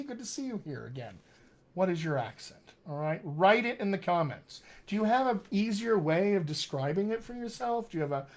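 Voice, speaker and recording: A man with a loud, booming voice and a General American accent with West Texas and upstate New York touches, a dialect coach reading viewer comments and answering them on a live stream. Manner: articulate, reads viewer comments aloud and answers warmly. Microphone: webcam or computer mic on a live stream.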